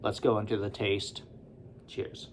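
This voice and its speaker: A man's voice: fairly low pitch, level tone, a little slow, slight background noise. A man doing a casual, rambling beer review, with lots of fillers and asides.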